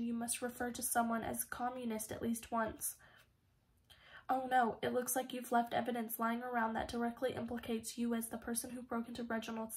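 A woman narrates an audiobook in a slightly high voice. Her intonation stays fairly even and does not swing much. She voices every character's dialogue herself and now and then stumbles and restarts a word. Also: low-quality recording. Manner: reads all the characters' dialogue in her own voice; occasional slips and restarts. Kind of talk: audiobook reading.

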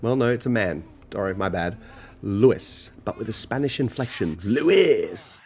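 A man's voice: on the low side, normal speed, a little mellow, breathy edge. A man casually recapping a video game story, full of jokes and self-mocking asides. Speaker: gaming channel narrator.

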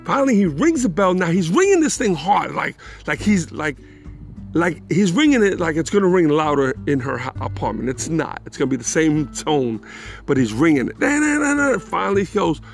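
Gravelly man telling a casual story. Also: fairly high pitch, moderate pace, faint music behind. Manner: animated, profane and rambling. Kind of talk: casual anecdote.

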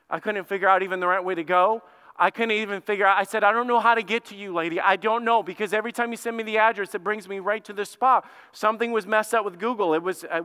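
A man, a pastor, telling a lively story in a sermon and acting out both sides of it. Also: high voice, smooth, in a large hall. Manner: animated, acts out both sides of his own story. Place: church sanctuary.

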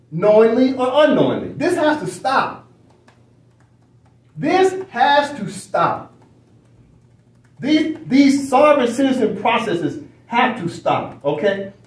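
A high-voiced man lecturing as he reads from a screen. He presses his points with repeated phrases and rhetorical questions. He sounds a little off mic in an echoey room. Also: distant mic. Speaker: study session teacher. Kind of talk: lecturing while reading from a screen.

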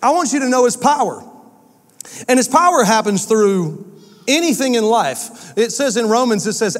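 Pastor, male, high voice, lively storytelling sermon delivery, church hall with long reverb. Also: normal speed. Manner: energetic storytelling preacher. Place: church sanctuary.

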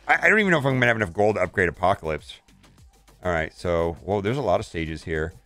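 A man talks his way through a mobile game in loose, rambling commentary, often restarting mid-sentence as he thinks aloud. His pitch swings widely up and down. Soft game music plays quietly behind him. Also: expressive, fast talker, no echo. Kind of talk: casual gameplay commentary.

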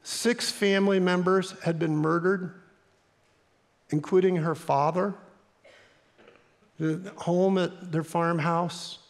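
In a church sanctuary with long reverb, a pastor preaches a sermon, telling stories earnestly and repeating key lines for emphasis. His high-pitched voice holds a fairly even intonation, and he goes slowly with frequent pauses.

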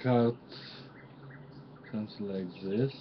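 A man speaks slowly and haltingly in a lowish voice, naming each gift as he unboxes it and filling his pauses with "uh". The sound is dull and lo-fi, with a faint outdoor hum of birds and insects behind him. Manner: halting, pauses with many "uh" fillers while naming items. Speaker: crafter showing gifts. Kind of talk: unboxing show-and-tell.

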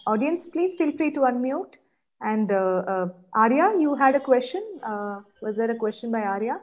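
A woman's voice: fairly high pitch, lively intonation, moderate pace. A woman moderating an online seminar, politely inviting questions. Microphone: video call. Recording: dull video-call audio.

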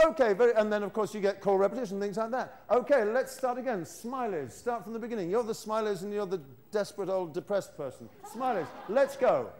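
In a live classroom demonstration before a lecture-hall audience, a British man leading a teacher-training workshop playfully coaxes them to repeat his lines. His voice sits high and a little mellow, fairly quick with few pauses.

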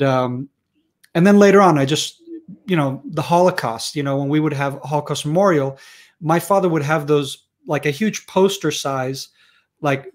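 A middle-aged man from Israel, a guest in a conversational interview, telling family stories in an animated way and laughing often. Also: on the high side.

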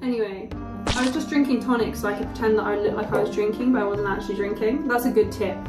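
A woman's voice: medium pitch, fast talker, recorded from a distance. A young British woman chatting casually with her partner on camera during a drinking mukbang, blunt and teasing. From United Kingdom. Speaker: vlogger, one half of a couple. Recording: roomy sound from off-mic, music underneath.

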